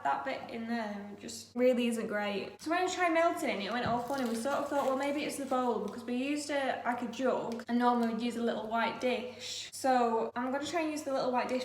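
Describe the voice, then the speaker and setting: Young woman, higher voice, chatty self-mocking baking vlog, echoey kitchen, faint noise. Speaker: vlogger. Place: home kitchen.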